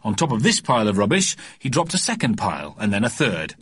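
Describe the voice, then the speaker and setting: A man narrating a children's storybook in a lively, expressive reading. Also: on the low side, fast, husky, no echo, clean studio sound. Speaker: audiobook narrator.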